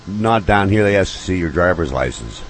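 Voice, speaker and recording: A man's voice: low-pitched, lively intonation, fairly quick, low-quality recording. A man on a talk show as a guest, telling defiant stories and acting out his confrontations. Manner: defiant storyteller, acts out confrontations. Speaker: guest or caller. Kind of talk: casual talk show conversation. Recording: faint background noise.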